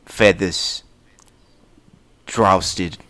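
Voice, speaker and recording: A man's voice: sits low, fairly even intonation, extremely slow, pushed and bright, dry recording, full character voice. A man doing a stately old-timey joust announcer. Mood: proclaiming. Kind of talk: comic impression.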